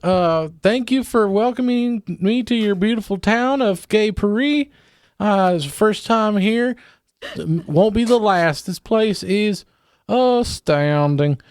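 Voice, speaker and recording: A man's voice: high voice, lively intonation, slow, a little mellow, clean tone, no echo. A man playing a pushy male tourism trainer who lectures the locals in a brusque, patronizing way and cuts people off. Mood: bossy. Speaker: podcast co-host.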